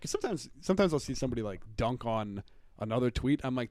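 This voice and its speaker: A man's voice: mid-range voice, big pitch swings, fast, a little mellow, dry recording. A man hosting a podcast, chatting casually, joking and swearing often. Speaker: podcast host. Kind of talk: casual chat.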